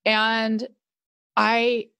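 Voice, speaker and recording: A woman's voice: a little high, extremely slow, gravelly, smooth, no echo. Middle-aged woman, podcast guest, earnest personal storyteller; dry, close sound. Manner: earnest, animated quoting of her own past thoughts. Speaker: podcast guest, business owner.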